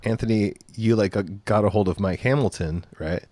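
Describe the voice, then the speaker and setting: Low-voiced man asking quick questions. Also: darkish tone, dry recording. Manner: short prompting questions. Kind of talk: casual chat.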